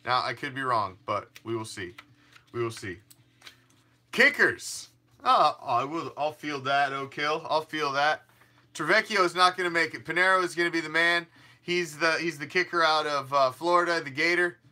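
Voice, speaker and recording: A man's voice: a little high, moderate pace, sharp tone. A man hosting a fan sports show, talking casually in a rambling, emphatic way with frequent restarts and some swearing. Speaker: fan podcast host.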